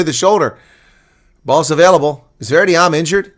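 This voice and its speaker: A man giving live watch-along rugby play-by-play, swinging from calm asides to excited shouting on breaks. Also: a little high, moderate pace, pauses often. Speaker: rugby commentator.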